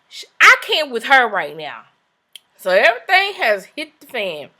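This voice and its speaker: Young woman, chatty and sassy recap host; bright tone, slightly high pitch. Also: very animated, normal speed. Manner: chatty, sassy asides, acts out quotes. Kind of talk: casual recap commentary.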